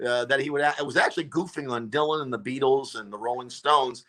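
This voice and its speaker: A man's voice: medium pitch, fast. A comedian telling a story in casual chat, acting out the people he quotes. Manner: animated, acts out quotes. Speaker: comedian guest.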